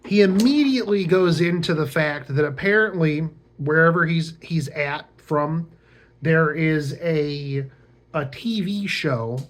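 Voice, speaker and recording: Young man, casual storytelling, slow drawl, slightly high voice, lots of ums and restarts, wry sarcastic asides. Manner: rambling, lots of fillers and restarts. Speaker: vlogger.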